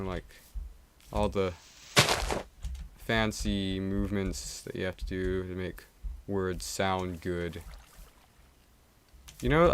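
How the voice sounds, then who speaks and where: A man's voice: on the low side, slight background noise. A young man, streaming a game and chatting casually in a rambling way, full of fillers and restarts. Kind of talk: casual rambling chat while playing a game. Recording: game music playing clearly behind the voice.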